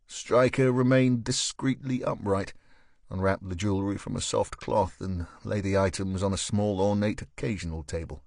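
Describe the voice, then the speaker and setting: A man's voice: on the low side, steady tone, moderate pace, vocal fry, darkish tone, dry recording. Man narrating an audiobook, dry and close. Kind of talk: scripted narration.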